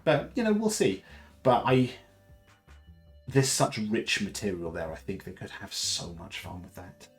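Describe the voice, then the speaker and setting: A man talks casually into a live stream from his home, with a voice that sits on the low side. He rambles along with easy enthusiasm. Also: wildly swooping pitch, a little slow, soft background music. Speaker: streamer hosting a lunchtime chat.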